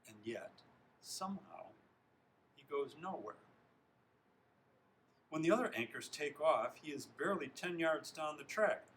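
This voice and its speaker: A man reading a children's novel aloud, expressive, stopping now and then to comment on the text and correct himself. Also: a little high, a little slow, pauses often, slight background noise, poor audio. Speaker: reader.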